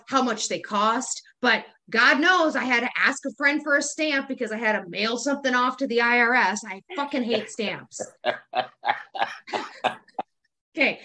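A woman's voice: a little high, bright, forceful tone. A woman co-hosting a podcast in casual chat, ranting with lots of swearing and frequent laughter. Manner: profane, ranting, laughs often. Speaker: podcast co-host.

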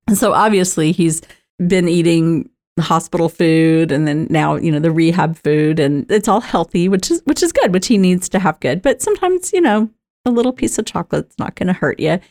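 Middle-aged lady rambling through a personal story, laughs a lot, slightly low voice. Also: a little mellow. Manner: chatty, rambling, laughs often.

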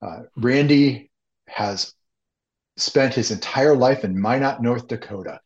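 A man from the US Midwest, an author guest, speaking in a measured, reflective way with small restarts. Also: medium pitch, darkish tone. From Ohio, US Midwest. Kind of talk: interview conversation. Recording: dull, slightly lo-fi sound.

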